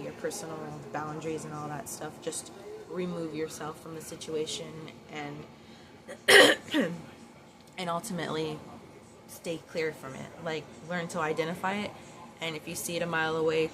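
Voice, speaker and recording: A woman vlogging from home in casual chat, gushing and rambling with lots of fillers and repeated words. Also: low voice. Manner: gushing, admiring. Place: home, near closet. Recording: noisy background.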